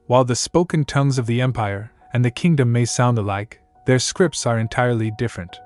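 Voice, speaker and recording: A man's voice: medium pitch, moderate pace, few pauses. Man narrating a story recap over music. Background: faint music.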